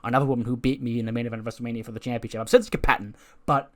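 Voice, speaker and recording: A man's voice: medium pitch, steady tone, racing, fairly bright tone, natural voice. A man voicing a vain, self-absorbed female wrestling star who speaks pompously and praises others backhandedly. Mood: grandiose.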